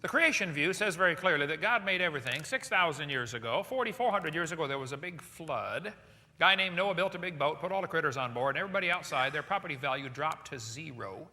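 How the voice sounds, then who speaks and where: A man's voice: on the high side, expressive, fast talker, pushed and bright. A man giving a live seminar lecture to an audience, firing off rhetorical questions with joking asides. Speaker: seminar speaker. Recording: echoey hall with long reverb.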